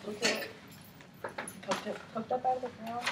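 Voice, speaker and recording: A woman teacher reads a picture book aloud to young children, her voice pitched a little high and animated as she stops to quiz the class. The classroom recording carries a steady wash of background noise. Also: normal speed. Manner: animated read-aloud voice, asking children questions.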